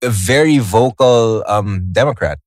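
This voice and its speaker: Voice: mid-range voice, a little slow, a little mellow, no echo. A podcast co-host in a casual chat, throwing in quips and jokey impressions, speaking into a studio mic.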